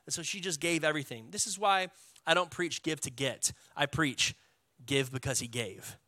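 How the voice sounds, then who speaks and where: A man with a Texan accent, a pastor preaching a sermon in a lively, casual way with call-and-response. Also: on the high side, moderate pace, dry recording.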